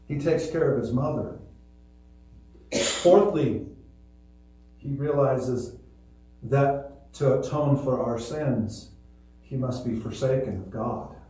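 A man preaching a sermon as pastor, earnest and swelling louder on key points. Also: medium pitch, slow pace, long pauses. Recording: echoey hall, voice from far off.

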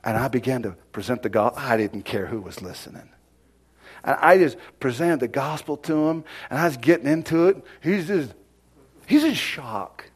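A middle-aged man preaching a sermon, telling a personal story and swinging from whispers to loud exclaims. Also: mid-range voice, lively intonation, normal speed, husky.

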